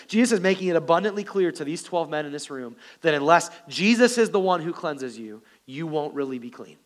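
A male pastor preaching a sermon, animated and joking with the congregation. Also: fairly high pitch, a little fast, few pauses.

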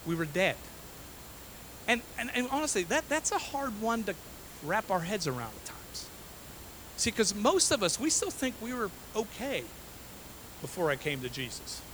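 A man's voice: sits high, big pitch swings, moderate pace, pauses often, fairly bright tone, a little hiss or hum, low-quality recording. A man preaching a sermon as pastor, emphatic, repeating his phrases and checking in with "okay?" and "right?".

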